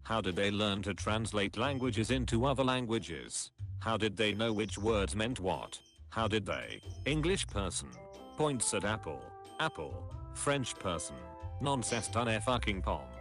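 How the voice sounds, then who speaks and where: A man reading meme captions aloud in a dry, deadpan, clipped way. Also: lowish voice, unhurried, soft background music.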